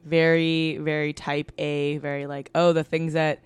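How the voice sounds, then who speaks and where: A woman's voice: sits low, little pitch movement, unhurried, clean tone, no echo. A woman co-hosting a podcast in frank, casual chat, leading the conversation. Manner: frank, chatty, leads the conversation. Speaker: podcast co-host.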